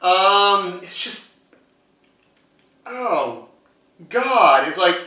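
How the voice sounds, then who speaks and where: A man with a bright, lively voice jokes around during a casual movie chat, his pitch swinging widely. He sits back from the mic, and the room rings with heavy echo. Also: extremely slow, recorded from a distance. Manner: joking, loud, lively. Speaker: co-host.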